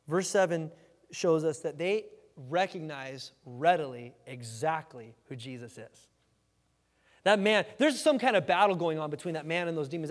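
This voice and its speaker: A male pastor preaching a sermon in an animated, repetitive style, with a fairly high voice. He keeps calling for an amen. His voice echoes through a church with a long reverb tail. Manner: animated, repeats words, asks the congregation "amen?". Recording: reverberant hall.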